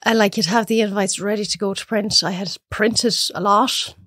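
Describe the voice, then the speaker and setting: Irish woman, 30s, lively storyteller who mimics others, dry close mic. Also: normal speed, slightly rough, dry recording. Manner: animated storyteller acting out clients in high voices. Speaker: podcast guest. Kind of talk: casual chat.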